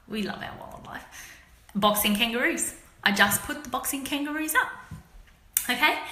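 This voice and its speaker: A woman's voice: fairly high pitch, pushed and bright, echoey room. A middle-aged Australian woman chatting casually on a live stream, explaining local slang to viewers with laughs. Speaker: author hosting a live stream.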